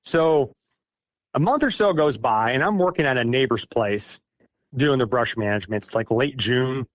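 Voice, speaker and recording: A man's voice: medium pitch, moderate pace, no echo. Rambling man from Iowa, dry sound. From Iowa, United States. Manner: rambling, self-deprecating, with frequent fillers. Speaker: guest recounting an encounter. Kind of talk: casual storytelling.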